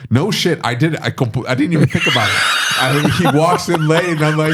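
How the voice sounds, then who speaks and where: A middle-aged man, a shop owner, chatting casually on a podcast and telling rambling, animated stories. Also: mid-range voice, normal speed. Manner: rambling, animated storytelling with laughs.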